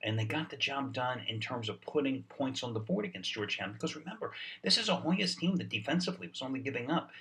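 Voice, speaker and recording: A man's voice: medium pitch, lively intonation, fast talker, sharp tone, recorded from a distance. A man giving a sports betting video report, salesy and sarcastic, with a lot of "uh" fillers, short on sleep.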